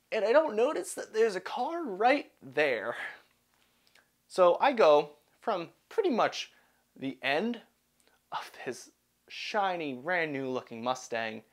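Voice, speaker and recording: A young man narrating a personal story in an animated, self-deprecating way. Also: high voice.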